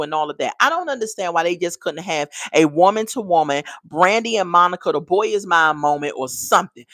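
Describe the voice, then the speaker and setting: A woman's voice: medium pitch, a bit bright, dry recording, clean studio sound. A woman giving a casual, sassy and exasperated video review, talking straight to her viewers. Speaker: TV show reviewer.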